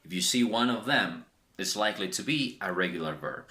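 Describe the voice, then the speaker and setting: A man's voice: lowish voice, expressive, fairly quick, pushed and bright. A man teaching an English pronunciation lesson, enthusiastic and emphatic, repeating words for learners. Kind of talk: language lesson.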